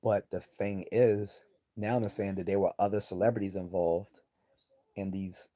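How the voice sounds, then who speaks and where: A man's voice: deep voice, flat delivery, measured pace, warm tone. A man hosting a livestream, giving blunt, profane, rambling commentary and reading chat messages aloud. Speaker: livestream host.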